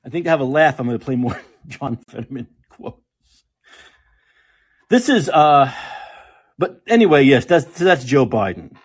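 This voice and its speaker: Husky, profane man ranting. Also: medium pitch, big pitch swings, moderate pace, pauses often. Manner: angry, profane, sarcastic ranting. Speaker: podcast host. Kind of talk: ranting political commentary.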